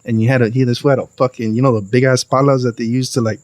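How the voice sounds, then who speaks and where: A young man, a podcast guest telling a wild story in a lively, profane, slangy way. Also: mid-range voice, very fast, no room sound. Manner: animated, profane, slangy storytelling with acted quotes. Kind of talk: casual storytelling.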